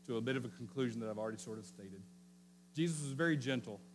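A man's voice: mid-range voice, slight background noise, rough recording. A male pastor preaching in a conversational way, speaking directly to the children and often checking in with his listeners. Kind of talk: sermon.

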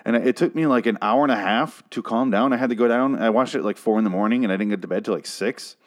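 A man's voice: mid-range voice, quick pace. A man hosting his own episode review show, ranting with profanity and sarcasm about how bad the episode was.

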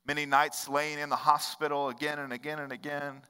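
A man preaching a sermon as pastor, moving from hushed storytelling to impassioned, rising preaching with repetitive rhetorical cadence. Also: on the high side, little pitch movement, fairly quick, smooth. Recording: long hall reverb.

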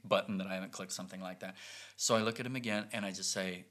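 A man in his thirties telling a family story in a casual, animated way, acting out the lines of the people in it. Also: low voice, fast talker. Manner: animated, acts out quoted lines.

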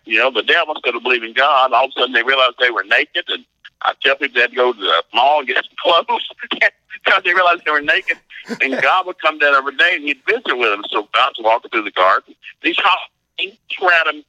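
A middle-aged man, a pastor, telling stories in a folksy, animated way, acting out voices and laughing often. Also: medium pitch, brisk, no room sound, poor audio. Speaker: pastor and marriage seminar teacher. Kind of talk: animated interview storytelling.

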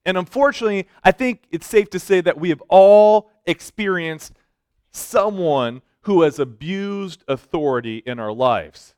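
Guy preaching a sermon, smooth clear voice, dry close sound, goes loud then soft, cracks jokes. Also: sits high, lively intonation, unhurried, no echo. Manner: swings between loud emphatic lines and soft hushed ones, with joking asides. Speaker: pastor speaking to students.

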